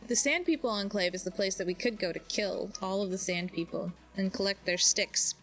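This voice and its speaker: A woman's voice: mid-range voice, fairly quick, fairly bright tone, soft background music. Chatty woman streamer. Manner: chatty, rambling, with fillers and tangents. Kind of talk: casual gameplay commentary.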